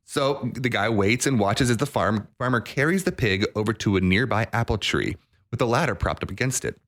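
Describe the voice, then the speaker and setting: A man's voice: medium pitch, fairly bright tone. A man co-hosting a podcast, telling a long shaggy-dog joke and laughing at his own punchline. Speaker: podcast co-host.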